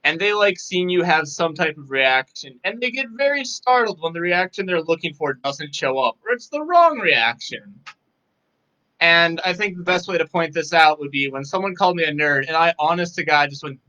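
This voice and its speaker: A young man with dry, self-deprecating humor, talking softly and a little tired in a casual live interview. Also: fairly high pitch, lively intonation, normal speed, poor audio. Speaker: guest.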